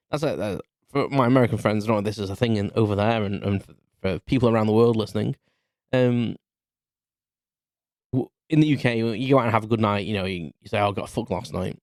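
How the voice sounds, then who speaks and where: A man's voice: fairly low pitch, darkish tone, dry recording, clean studio sound. A British man around forty hosts a solo podcast, telling a candid story in a rambling, chatty way. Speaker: podcast host.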